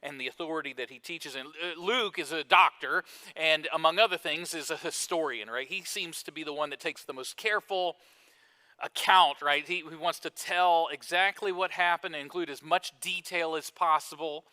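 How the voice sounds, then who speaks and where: A man's voice: fairly high pitch, moderate pace, pushed and bright. A man preaching a sermon in church, talking conversationally to the congregation and often repeating words as he goes. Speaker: pastor.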